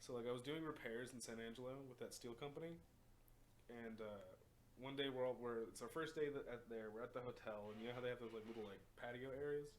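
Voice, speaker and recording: A man, co-hosting a podcast and telling profane, animated stories with lots of laughter. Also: mid-range voice, fast. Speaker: podcast co-host. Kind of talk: casual storytelling chat. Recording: faint background noise.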